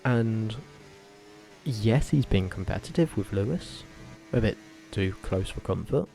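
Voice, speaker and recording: A man vlogging casually, talking in a rambling, animated way with frequent self-corrections and tangents. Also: lowish voice, measured pace, vocal fry, soft background music. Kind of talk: casual opinionated commentary.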